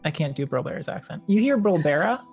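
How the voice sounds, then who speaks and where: A woman's voice: deep voice, animated, fast, muffled recording, over music. A woman narrating as game master in a tabletop game, casual and hesitant.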